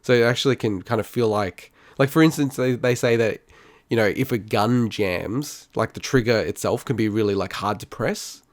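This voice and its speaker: A man's voice: fairly low pitch, normal speed, no room sound, studio quality. A man co-hosting a podcast, arguing his point in casual chat and laughing often. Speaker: podcast co-host.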